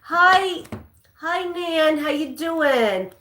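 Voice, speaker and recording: A woman with a high, expressive, slightly bright voice speaks very slowly as she hosts a live-stream trivia game. She chats with viewers and reads questions aloud, now and then stumbling and starting a line over. The room sounds echoey.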